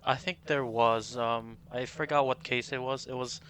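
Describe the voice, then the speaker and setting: A man's voice: medium pitch, fairly even intonation, normal speed, fairly bright tone, clear, resonant tone. A man co-hosting a casual group podcast, chiming in easily with questions. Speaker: podcast co-host.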